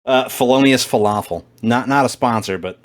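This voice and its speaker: A man of ordinary pitch co-hosts a podcast over a voice call from home. He rambles loosely through his points, breaks into laughter often and throws in crude jokes. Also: moderate pace, a little hiss or hum. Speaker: podcast co-host. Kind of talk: casual chat.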